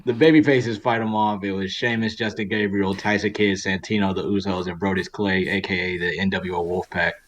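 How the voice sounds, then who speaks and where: Male podcast co-host, low voice, deadpan laid-back recapper. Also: brisk, hardly any pauses, a little hiss or hum. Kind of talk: casual wrestling podcast recap.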